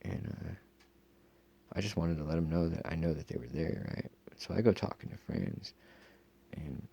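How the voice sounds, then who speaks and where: A man with a very low, gravelly voice tells his story in a loose, rambling way, with lots of cursing and fillers. His tone is dark and mellow. The voice sounds raspy and husky rather than clear. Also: moderate pace, highs cut off. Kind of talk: casual first-person account.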